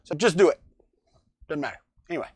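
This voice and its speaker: A middle-aged man hosts a casual live-chat vlog from his home workspace, rambling and naming viewers in the chat as he talks into a lavalier mic. His voice is a little high, expressive and quick, with a darkish tone and a breathy edge, and there's no room sound.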